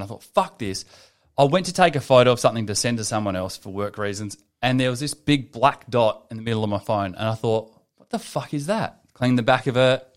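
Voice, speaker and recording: Sweary young man telling stories. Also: mid-range voice. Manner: swears a lot, animated storytelling. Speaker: podcast co-host. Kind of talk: casual podcast chat.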